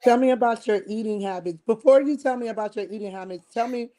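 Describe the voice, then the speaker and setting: A woman's voice: a little high, fast, warm tone. Woman host asking direct questions. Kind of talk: interview questions over a call. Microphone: remote call connection.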